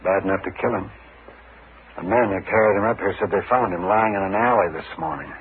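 An actor playing a calm, matter-of-fact older town doctor in an old radio drama, dry and measured. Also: male voice, fairly low pitch, husky. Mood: grave. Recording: tinny old radio broadcast with faint hiss.

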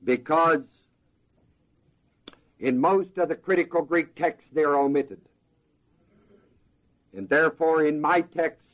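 In this lo-fi recording, a pastor with a fairly high voice works verse by verse through a slow, deliberate sermon. He periodically pauses for the congregation to fill in the words.

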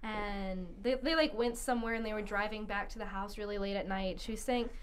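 A woman's voice: medium pitch, fairly even intonation, brisk. A young woman on a podcast telling a secondhand story in casual chat, rambling with constant fillers. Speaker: podcast co-host.

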